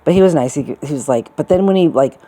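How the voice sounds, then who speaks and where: A woman's voice: sits low, expressive, fast talker, dark tone. A middle-aged woman telling a personal story in a casual, rambling way, full of restarts and fillers. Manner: rambling, many restarts and fillers, quotes people in put-on voices.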